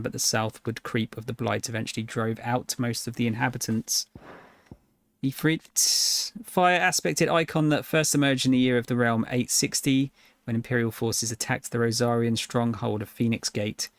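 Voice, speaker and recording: A male game streamer at a middling pitch, reading in-game lore text aloud and breaking off for dry, casual jokes about it. His tone is loose and conversational, drifting between reading and chatting. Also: no echo. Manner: wry, casual asides between read-out passages.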